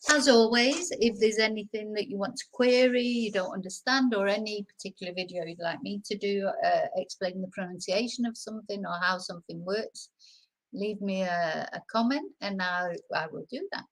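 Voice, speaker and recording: A woman gives a relaxed live lesson on Spanish vowels in a mid-pitched voice. She talks in a loose, chatty way, trips over her restarts, then draws each example word out slowly and carefully. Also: poor audio. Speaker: Spanish pronunciation teacher. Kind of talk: live-streamed casual lesson.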